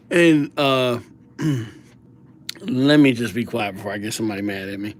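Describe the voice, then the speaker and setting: A man hosting a live stream, chatting casually and reading viewers' names aloud, his voice drifting from the mic as he writes. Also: mid-range voice. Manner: slow, mumbled, drifting in and out of the mic while writing; easygoing, jokey, reads viewer names aloud. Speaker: livestream calligraphy host.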